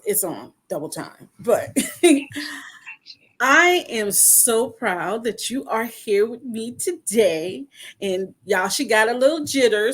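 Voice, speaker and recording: Woman, podcast host, encouraging, folksy, warm-hearted interview chat. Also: on the high side. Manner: encouraging, folksy, checks in with "okay?".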